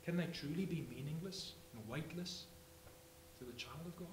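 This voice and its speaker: A man preaching a sermon as pastor, swinging from hushed phrases to loud emphatic ones. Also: fairly high pitch, normal speed. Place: church sanctuary. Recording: echoey church, faint hum.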